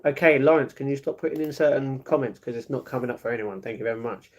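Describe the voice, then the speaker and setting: A young man with a London accent, chatting quickly and rambling as he reads and answers his live chat. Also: medium pitch. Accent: London English. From England. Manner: fast, chatty, rambling with fillers. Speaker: live streamer.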